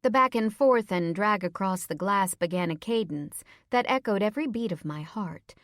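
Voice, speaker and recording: A woman narrating an audiobook in the first person with a soft, even storytelling manner. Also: medium pitch, moderate pace, no echo, studio quality.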